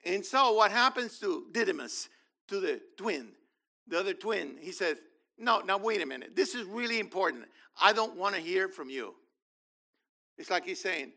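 A man preaching a sermon, animated, acting out scenes and questioning his congregation. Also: high voice, normal speed, vocal fry. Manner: animated, acts out biblical figures, talks to congregation. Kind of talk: sermon, Bible teaching.

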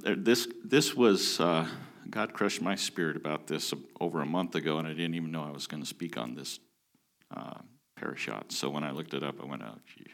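A man teaching from the Bible with emphatic, deliberate delivery, stressing key words and pausing for effect. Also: low-pitched.

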